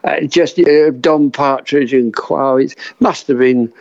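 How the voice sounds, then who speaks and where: A man's voice: mid-range voice, vocal fry, a little mellow, dry recording. Guy hosting a chat, stumbles and restarts a lot, dry and kinda muffled. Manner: halting, repeats words and restarts often. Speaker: host. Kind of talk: casual interview chat.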